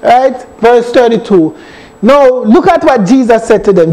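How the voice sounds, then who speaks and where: High-voiced, slow Jamaican church elder. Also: male voice, expressive, darkish tone, poor audio. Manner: earnest, checks in with listeners, reads scripture aloud. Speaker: church elder leading Bible study. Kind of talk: Bible study teaching.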